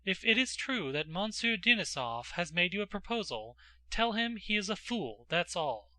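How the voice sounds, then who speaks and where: A stern aristocratic mother of middle age, voiced by a male reader, curt and sarcastic. The tone is sharp and bright, and the reading is close and dry. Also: high voice, big pitch swings, normal speed, no echo, full character voice. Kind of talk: audiobook character voice.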